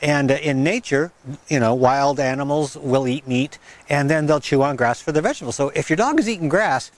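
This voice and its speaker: A man's voice: on the high side, fairly quick. Chatty man outdoors in the wind. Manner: rambling, chatty, laughs at himself; sing-song baby talk to his dog. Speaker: gardening channel host. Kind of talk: casual outdoor vlog. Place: windy garden outdoors. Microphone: wireless mic with fuzzy windscreen.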